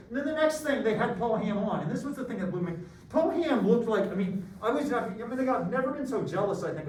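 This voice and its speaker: A middle-aged man teaching a math class, joking and rambling through stories. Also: high voice. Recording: echoey room from far off, faint noise.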